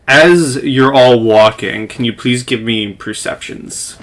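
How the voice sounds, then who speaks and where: A game master calmly narrating a tabletop game to the players. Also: mid-range voice, takes it slowly, slight background noise.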